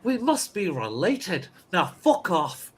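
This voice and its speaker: A man voicing a rude, angry Scottish male security guard who swears loudly and shouts abuse. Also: high-pitched, wildly swooping pitch, slow, exaggerated voice. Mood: aggressive. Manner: loud, rude, swearing, hostile.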